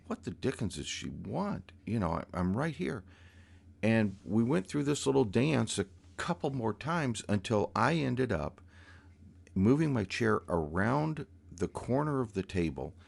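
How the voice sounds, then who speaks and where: A low-pitched man tells a story from his teenage years at a very slow pace. His delivery is reflective and measured, with small restarts now and then. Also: vocal fry, darkish tone. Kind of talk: personal storytelling.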